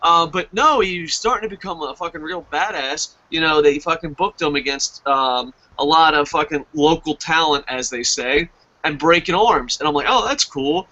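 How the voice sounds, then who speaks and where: A man reviewing wrestling in a casual chat, ranting excitably and swearing as a fanboy. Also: on the high side, moderate pace, highs cut off. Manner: excitable, profane, rambling fanboy rant.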